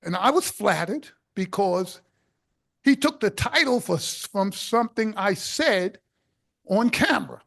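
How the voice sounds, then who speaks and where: An older man from the South Bronx giving an inspirational speech, telling stories in an animated way with bursts of shouted emphasis. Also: high-pitched, unhurried, gravelly. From South Bronx, New York. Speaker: keynote speaker.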